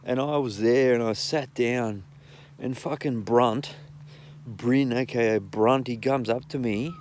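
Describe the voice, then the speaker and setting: A man's voice: medium pitch, fairly even intonation, a little slow, darkish tone, slight background noise. A young man with an Australian accent telling rambling, profane anecdotes in a blunt, casual way. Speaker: storyteller.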